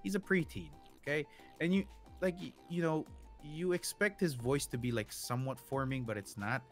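A man co-hosting a casual podcast about games, animated and joking, often acting out his own inner voice. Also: on the high side, moderate pace, soft background music. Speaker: co-host.

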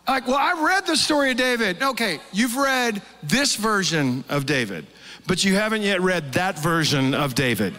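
A middle-aged pastor with a drawl delivers his sermon in a bright, forceful tenor, slightly high for a man. He tells his stories with lively animation and bursts into acted-out quotes. His voice rings through a big church hall with a long reverb tail. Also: normal speed. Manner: animated storytelling, acts out quotes.

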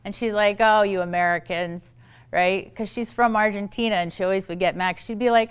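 A woman giving a storytelling talk on parenting to an audience, animated and acting out the voices she quotes. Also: mid-range voice, brisk, clear, resonant tone. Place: event hall.

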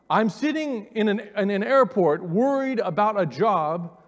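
Man, pastor, forties, earnest preaching, high voice, reverberant church hall. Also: lively intonation, a little slow, few pauses. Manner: earnest storytelling, repeats words, calls congregation forward. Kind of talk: sermon with personal testimony. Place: church sanctuary.

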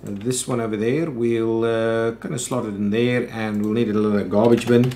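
A man's voice: lowish voice, fairly even intonation, normal speed, warm tone, slight background noise. A man hosting a let's play, thinking aloud in casual commentary with frequent "ooh"s and "um"s.

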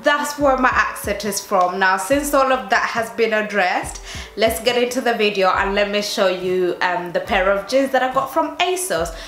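A woman's voice: mid-range voice, normal speed, a bit bright. Chatty woman with a London-Northeast accent. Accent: mix of London and Northeast English. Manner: chatty, addressing viewers directly. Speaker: fashion YouTuber. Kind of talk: casual try-on haul. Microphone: camera mic. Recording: echoey room, faint music.

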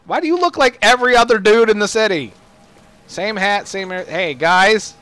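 A man's voice: high voice, normal speed, sharp tone, dry recording. A young man joking and laughing as he comments on a video game. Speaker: gamer. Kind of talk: let's play commentary.

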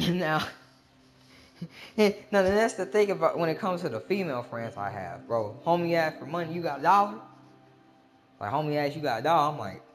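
A young man telling a rambling comic story in slangy casual talk, stopping often to say "bro" and pumping himself up louder as he goes. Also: expressive, moderate pace, pauses often. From Gulfport, Mississippi, US South. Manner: hypes himself up, voice climbing loud and high.

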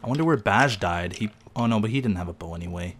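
A man chatting casually while playing a game with a friend, excitable and quick to yelp when startled. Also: slight background noise. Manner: excitable, jumps high in pitch when startled. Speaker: gamer. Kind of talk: casual gaming commentary.

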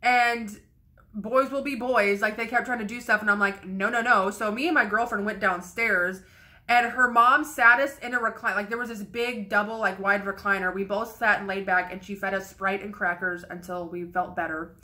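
A woman's voice: medium pitch, fairly even intonation, normal speed, bright, forceful tone. A young woman vlogger telling a casual, candid story in a rambling way, swearing freely.

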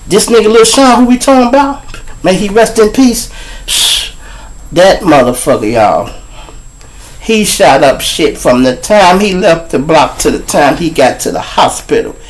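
Man, show host, animated storytelling, profane, street talk. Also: high voice, unhurried, rough recording. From Chicago. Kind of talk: storytelling monologue.

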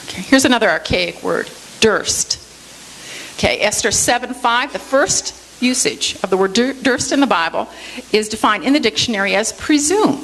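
A woman's voice: fairly high pitch, expressive, normal speed, fairly bright tone, a little hiss or hum, poor audio. A woman giving a church Bible study lecture, explaining word meanings and checking in with her listeners with a frequent "okay?", with light self-deprecating humor.

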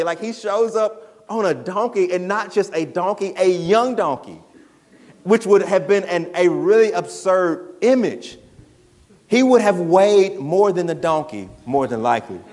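A man's voice: high-pitched, a little mellow, big-room sound. A man, a pastor preaching a sermon in a conversational, emphatic way that drives points home through repetition. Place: church sanctuary.

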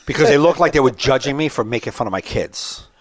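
Animated man in his thirties, storytelling. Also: mid-range voice, quick pace, dry recording. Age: 30s. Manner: animated storyteller, acts out rants. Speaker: stand-up comedian, podcast co-host. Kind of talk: casual podcast chat.

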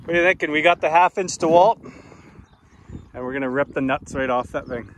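A man's voice: a little high, brisk. A man hosting a casual vlog outdoors, laughing and teasing his friend while they work on a truck. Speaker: host of an off-road vehicle channel. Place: outdoors at a rural property. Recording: outdoor noise with vehicle sounds.

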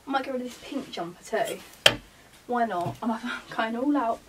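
A young woman's fairly high voice comes at a moderate pace, recorded from a distance with a lot of background noise. She's a vlogger chatting casually and muttering asides as she sorts her wardrobe in her bedroom.

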